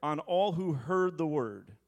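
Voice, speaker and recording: A man's voice: on the high side, lively intonation, slow. A man in his thirties preaching a sermon, reading scripture with conversational, joking asides and prompting the congregation to repeat words. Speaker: pastor.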